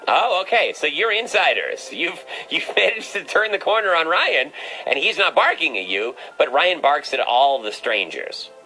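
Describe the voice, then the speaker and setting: A man's voice: a little high, very animated, normal speed, sharp tone, soft background music, low-quality recording. A man hosting a comedic call-in show, teasing a caller with a playful, stammering delivery and a mock pet-psychic bit.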